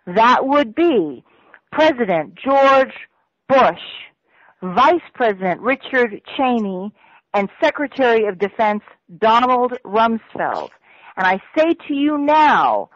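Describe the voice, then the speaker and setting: A woman's voice: on the high side, a bit bright, dry recording. A woman guest on a radio interview, telling her story bluntly and emphatically. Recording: muffled radio audio, dry.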